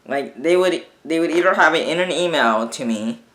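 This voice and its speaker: A man's voice: on the high side, expressive, moderate pace, a bit bright. A man, a vlogger, ranting in a casual monologue, exasperated, swearing often and restarting his sentences. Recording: echoey room.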